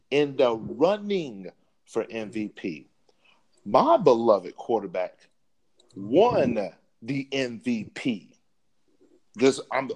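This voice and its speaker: A man's voice: medium pitch, darkish tone. A man co-hosting a sports podcast, arguing a point with emphatic, repeated words. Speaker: podcast co-host. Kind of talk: sports debate.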